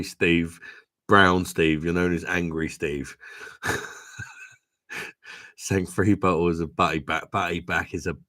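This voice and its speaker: A man whose voice sits low and a bit bright chats casually on a drinking livestream, reading comments from viewers. He's tipsy, swears, laughs frequently, and uses "mate" constantly.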